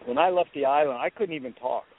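Male guest storyteller, animated, pops into a high voice for quotes; tinny phone-like audio. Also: quick pace. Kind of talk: storytelling on a talk show. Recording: tinny phone-line sound.

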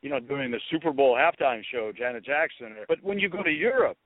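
A middle-aged man, an author being interviewed, telling stories in an animated, opinionated way. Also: mid-range voice, a little fast, dry recording. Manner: expansive storyteller, animated, opinionated. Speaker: author, guest. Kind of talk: radio interview talk. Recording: tinny phone-like radio sound.

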